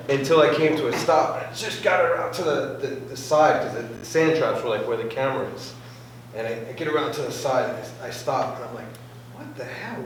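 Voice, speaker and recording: Man telling a story in an echoey hall. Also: medium pitch. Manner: storytelling with acted-out quotes and sound effects. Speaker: club member sharing a racing story. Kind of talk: casual anecdote to a group. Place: club meeting room. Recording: very echoey room, voice far from mic, faint noise.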